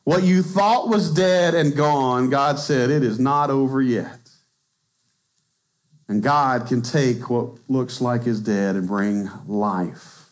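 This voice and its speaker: In a church sanctuary, a Texan-accented pastor in his thirties delivers a conversational sermon slowly in a medium-pitched voice. Every so often he laughs at himself.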